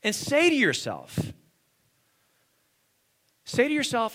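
Male preacher, high bright voice, lively and expressive delivery that drops to a hush and rises again. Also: unhurried. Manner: swings between hushed and emphatic, call-and-response questions. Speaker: pastor. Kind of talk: sermon.

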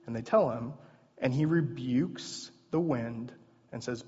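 A man delivers a sermon in a relaxed, conversational way, earnest and direct with the congregation. His voice is a touch husky and sits at a middle pitch. The sound is a little dull and carries a long hall reverb. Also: measured pace. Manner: conversational, earnest preaching with casual asides. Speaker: pastor.

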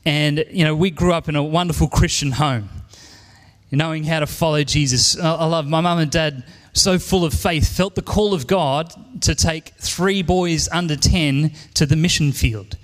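A man's voice: a little high, moderate pace, big-room sound. An Australian man in his forties preaching a sermon in church, earnest and emphatic, repeating his key lines. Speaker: pastor.

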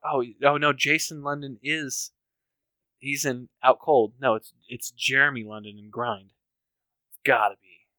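A man's voice: mid-range voice, fairly even intonation, unhurried, sharp tone, dry recording. A man co-hosting a casual movie chat while drinking beer, profane and rambling with fillers, often laughing. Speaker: podcast co-host.

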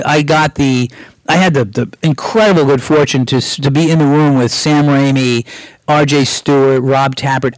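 A man's voice: mid-range voice, no echo, rough recording. A middle-aged American man, a guest screenwriter, casually telling anecdotes with lots of restarts and acted-out quotes.

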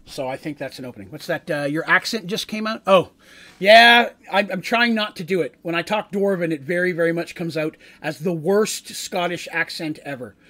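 Guy running a tabletop game, talks in loose rambly recaps, keeps restarting sentences, voice a bit high. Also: moderate pace, sharp tone. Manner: rambling, self-correcting, chatty asides. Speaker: game master.

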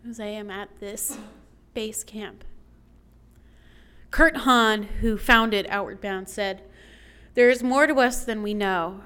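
Female storyteller, slightly high and smooth voice, heartfelt personal story told live. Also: a bit bright. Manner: emotional, building lists of complaints. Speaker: storyteller on stage.

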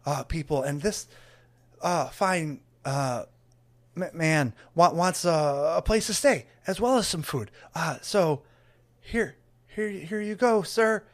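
A man's voice: on the high side, takes it slowly, pitched above the performer's own voice. A man voicing a small, anxious young male tavern greeter who stammers and rambles when flustered. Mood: nervous.

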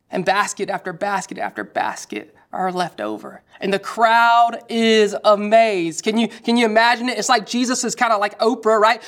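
Woman preaching, mid pitch, storytelling sermon, acts out the crowd bits. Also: normal speed. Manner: lively storytelling with quoted voices.

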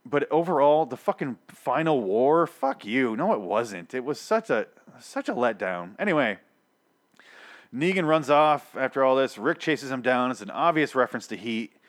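A man's voice: mid-range voice, animated, normal speed. A man giving a casual, profane review of a TV episode, blunt and rambling, with frequent swearing and restarts.

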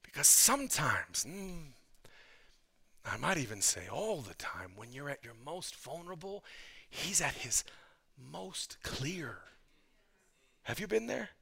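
A man delivers a sermon as pastor, his voice bright and edged with intensity. He sits a little above the usual male register. He turns chatty and direct with his listeners and moves between near-whispered stretches and loud, fervent peaks. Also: on the high side, very animated, takes it slowly, gravelly, pauses often, breathy edge. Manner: conversational preaching that swings from hushed to loud and fervent; casual asides to the congregation.

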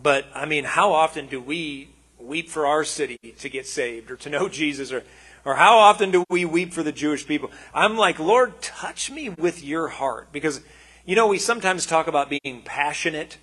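A man's voice: fairly high pitch, normal speed, pushed and bright. A man preaching a conversational sermon, earnest and emotional, with frequent restarts and asides.

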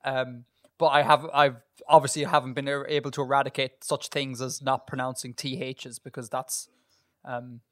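An Irish man co-hosting a podcast, chatting in a lively way, laughing easily and explaining things for listeners. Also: mid-range voice, moderate pace, dry recording, clean studio sound. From northwest of Ireland. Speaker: podcast co-host. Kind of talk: casual chat.

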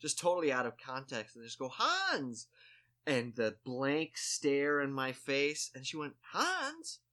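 A man with a bright, forceful voice tells an awkward story in a relaxed chat. He rambles and restarts his sentences, stuffs them with "like", and makes fun of himself as he goes. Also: mid-range voice, normal speed. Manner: rambling, full of "like" and restarts, self-mocking. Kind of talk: casual chat, telling a story.

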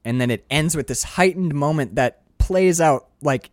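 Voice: mid-range voice, normal speed, dry recording, clean studio sound. A podcast co-host in casual movie chat, retelling scenes with lots of swearing and laughter.

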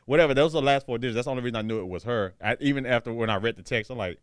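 A man in a loose, casual podcast chat who rambles through stories full of profanity and laughs. His voice sits in an ordinary middle pitch. The sound is dry and close, with no room echo. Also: very fast, clean tone.

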